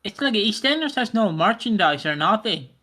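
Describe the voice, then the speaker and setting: A man's voice: sits high, big pitch swings, normal speed, pushed and bright. A man co-hosting a podcast, ranting in casual chat with plenty of swearing and mocking put-on voices. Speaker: podcast co-host.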